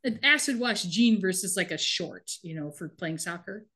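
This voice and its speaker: A woman's voice: lowish voice, lively intonation, normal speed, bright, forceful tone. A woman co-hosting a casual chat podcast, recapping a TV show with wry, sarcastic asides. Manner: wry, sarcastic, reads out lines with light voices.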